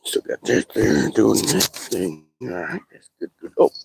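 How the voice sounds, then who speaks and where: A man casually chatting on a live stream while fishing, excitable and talkative, whooping when thrilled. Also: on the low side, a little slow, vocal fry, a little hiss or hum.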